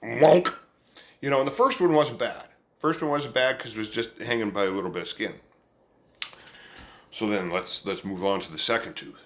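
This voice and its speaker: A man's voice: fairly low pitch, fairly quick, a bit bright. A man telling a family story in a casual, folksy, rambling way, chuckling along as he goes. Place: indoors, room with an amplifier.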